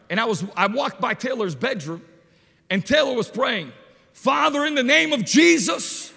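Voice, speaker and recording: A man preaching a sermon as an evangelist, telling stories with animated delivery and shouting at the high points. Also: gravelly, slightly rough, in a large hall. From Portuguese parents.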